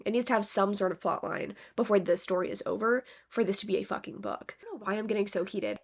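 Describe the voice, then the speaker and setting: A woman with a Southern country accent talks casually to camera as a book vlogger. She is blunt and swears freely, peppering her talk with filler words. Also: medium pitch. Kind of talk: casual chat.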